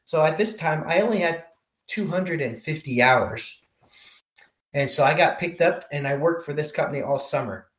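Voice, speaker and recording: A man being interviewed as a helicopter pilot, telling his career story in a lively way and often restarting his sentences. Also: fairly high pitch, moderate pace. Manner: animated storyteller, many restarts. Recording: roomy echo.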